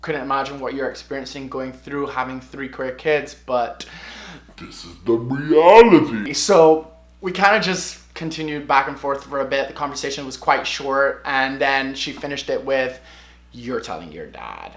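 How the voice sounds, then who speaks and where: A man's voice: mid-range voice, little pitch movement, moderate pace, fairly bright tone. A man in his twenties telling a personal story to camera. He talks expressively and often asks himself questions, then answers them. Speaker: vlogger. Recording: echoey room.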